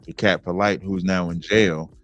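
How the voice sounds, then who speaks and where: A man talking as a guest on a podcast, telling stories in a relaxed, drawn-out way. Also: low voice, dry recording, muffled recording. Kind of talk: casual podcast interview.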